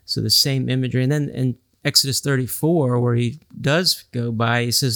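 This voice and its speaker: A man on a podcast explaining scripture, quoting Bible passages at length in a relaxed study discussion. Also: mid-range voice, moderate pace, dry recording, clean studio sound.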